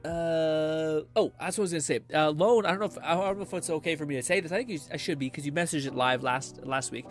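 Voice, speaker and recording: Talking quickly with few pauses, this young livestream host has a voice on the high side, and faint music plays behind him. His casual gaming stream chat wanders, punctuated by frequent swearing and laughter.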